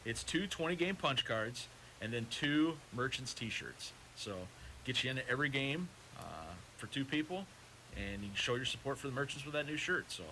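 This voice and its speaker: Male radio guest, bright upbeat voice, promotional pitch. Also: animated, moderate pace, slight background noise. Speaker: baseball association volunteer guest. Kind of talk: casual radio chat.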